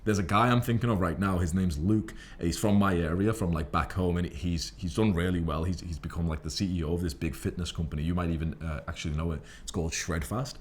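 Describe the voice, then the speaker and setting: A man's voice: low-pitched, fast, hardly any pauses. Brash swearing Liverpool man. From England. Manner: brash, swears constantly, emphatic. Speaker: self-improvement creator. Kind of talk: profane motivational monologue to camera.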